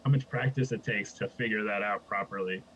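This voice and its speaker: A man's voice: on the low side, a little fast, a bit bright, slightly rough, poor audio. Rambling, laughing male podcast co-host. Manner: rambling, laughs often, checks in with "right?". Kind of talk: casual chat.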